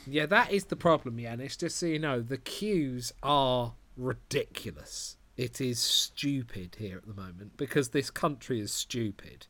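A man's voice: medium pitch, lively intonation, measured pace, few pauses, a bit bright. A man from England chatting casually, with dry, wry asides. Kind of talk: casual chat.

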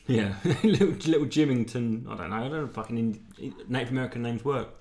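A man's voice: medium pitch, quick pace, a little mellow. Joking man, cheeky banter. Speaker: podcast co-host, comedian. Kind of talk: casual chat.

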